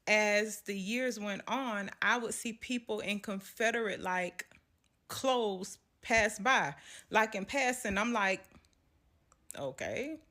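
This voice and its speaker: Woman, storytime vlog, lively, acts out voices, mid pitch. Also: slow pace. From Southern US. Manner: animated, laughs often, acts out quotes.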